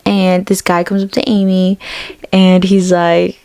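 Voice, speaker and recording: A woman's voice: fairly low pitch, level tone, unhurried, a little mellow, clean tone, dry recording. A woman in her twenties co-hosting a podcast, chatting casually and telling a story while acting out the voices of the people in it. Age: 20s. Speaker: podcast co-host. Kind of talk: casual chat.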